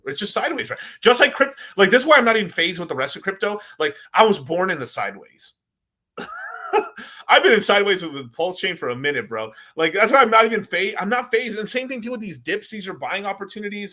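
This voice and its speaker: A man's voice: sits high, bright, forceful tone. A man hosting his own crypto video, rambling in a loose, profane rant with lots of swearing and laughter. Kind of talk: casual profane rant to camera.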